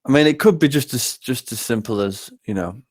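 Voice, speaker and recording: A man's voice: medium pitch, animated, brisk, no echo. Hesitant man, dry close sound. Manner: hesitant, many fillers and restarts. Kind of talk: casual chat.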